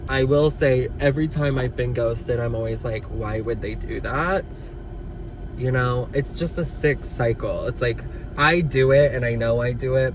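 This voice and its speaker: A young man chatting excitedly to his viewers in a casual vlog, joking at his own expense and calling them "girl". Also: medium pitch, noisy background. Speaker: vlogger. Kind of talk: casual vlog chat to camera. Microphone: phone held while talking.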